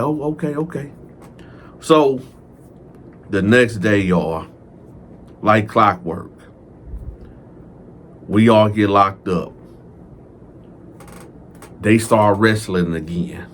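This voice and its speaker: A man hosting a casual storytelling video, recounting prison stories to viewers in a profane, animated way. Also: lowish voice, a little hiss or hum. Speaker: host telling prison stories.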